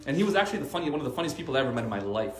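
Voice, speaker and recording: His mid-range voice is racing, and the recording sounds roomy. The man, who teaches Arabic, tells animated stories during an informal religious talk to a faith circle, filling them with lots of "like."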